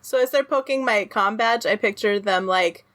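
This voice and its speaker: A woman player in a tabletop game, chatting with playful, quick asides. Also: mid-range voice, a bit bright.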